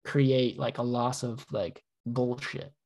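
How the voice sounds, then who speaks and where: A man co-hosting a casual podcast, telling animated stories, acting out his own thoughts and swearing often. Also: medium pitch, slow pace, creaky. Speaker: podcast co-host.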